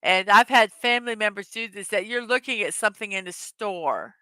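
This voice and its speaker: A woman's voice: medium pitch, a little fast, bright, forceful tone, clean tone, no room sound. A middle-aged woman hosting a casual morning show, chatting and laughing often as she reads out jokes. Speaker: host of a daily morning show. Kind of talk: casual chat reading memes to a live audience.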